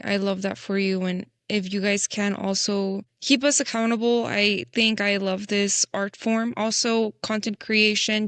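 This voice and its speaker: A young woman in a relaxed podcast chat, thinking out loud in a chatty, reflective way and dropping "like" often. Her voice is mid-pitched. The recording is dry and close. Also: no room sound. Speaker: podcast co-host. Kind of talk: casual chat.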